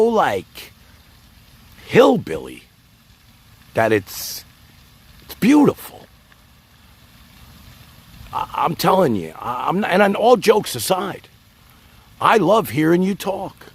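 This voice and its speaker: A man's voice: fairly high pitch, sing-song, slow pace, long pauses, slightly rough. A man hosting his own livestream, rambling casually and talking straight to his chat. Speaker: livestream host.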